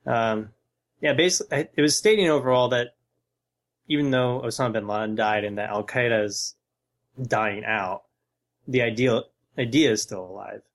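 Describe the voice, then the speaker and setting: A man's voice: medium pitch, normal speed. Chill guy on a podcast, rambles, swears now and then. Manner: relaxed, rambling, cursing. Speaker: podcast co-host. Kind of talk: casual chat.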